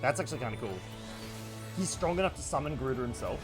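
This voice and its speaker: Energetic Australian man streaming. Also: medium pitch, fast talker, music in the background. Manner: energetic, animated and joking. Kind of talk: casual gaming livestream chat.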